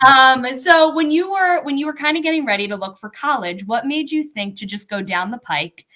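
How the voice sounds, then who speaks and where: A young woman with a Delco accent, hosting a live-stream interview in a chatty, bubbly way with quick asides. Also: high-pitched, bright, forceful tone. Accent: Delco (Delaware County, Pennsylvania). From Delaware County, Pennsylvania. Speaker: host.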